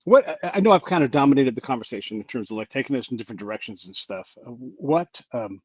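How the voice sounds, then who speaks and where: A man's voice: quick pace, slightly rough, no echo, lo-fi sound. A man hosting a podcast, telling stories in casual chat and acting out the people in them. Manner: animated, acts out quoted people with big pitch jumps. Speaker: podcast host.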